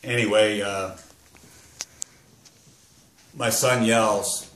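A middle-aged man giving a personal testimony as a grieving father, halting and rambling, struggling to hold back emotion. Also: on the low side, steady tone. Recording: roomy echo.

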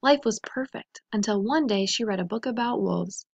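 A woman teacher reading a picture book aloud to children in a gentle, expressive storytelling voice. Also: mid-range voice, normal speed, vocal fry, husky, no room sound, highs cut off.

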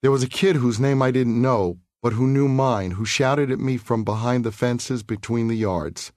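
Man narrating his own memoir in a studio, measured and earnest, mid-pitched, with a dry close sound. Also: a little mellow, no echo. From New York City. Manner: measured, earnest, reflective reading. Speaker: author reading his memoir.

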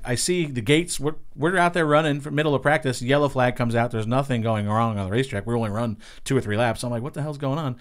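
A middle-aged man from Long Island, a racing spotter, telling profane stories and acting out what people said. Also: medium pitch. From Long Island, New York. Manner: profane, animated storyteller acting out quotes. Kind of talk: casual storytelling.

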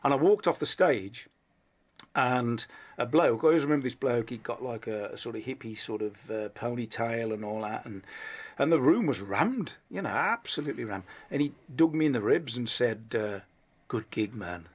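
A man's voice: mid-range voice, lively intonation, normal speed, slightly rough. Rambling Black Country man telling stories. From Black Country, England. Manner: rambling, self-deprecating storyteller with restarts. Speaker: comedian guest. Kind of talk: casual interview chat.

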